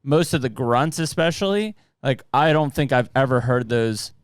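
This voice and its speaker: Smooth-voiced podcast host. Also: male voice, medium pitch, moderate pace, no echo, studio quality. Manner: steady, explanatory, hunting know-how. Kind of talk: casual chat.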